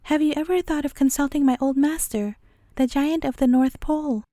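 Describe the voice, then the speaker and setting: A woman's voice: high voice, steady tone, normal speed, warm tone, no room sound, studio quality, lightly acted. A woman reading a storybook, speaking as a brave, loyal male poodle in an earnest, helpful way. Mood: reassuring.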